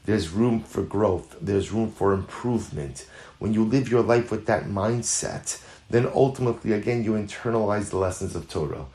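A man's voice: fairly low pitch, normal speed, mellow. Earnest man teaching a Talmud class. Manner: earnest, repeats phrases for emphasis; mixes in Hebrew and Yiddish terms. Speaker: Torah teacher.

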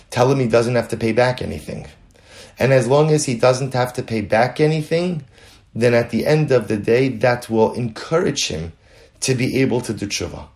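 A man teaching a Torah lesson in class, telling dramatic examples and repeating key phrases for emphasis. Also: mid-range voice. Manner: animated, dramatic storytelling with role-play examples.

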